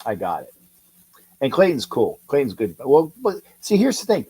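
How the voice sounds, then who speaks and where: A man's voice: mid-range voice, wildly swooping pitch, moderate pace, dark tone, slightly rough, poor audio. A man from California hosting a casual live sports talk stream, rambling and chatty as he reads viewer comments and greets people by name. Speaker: sports talk livestream host.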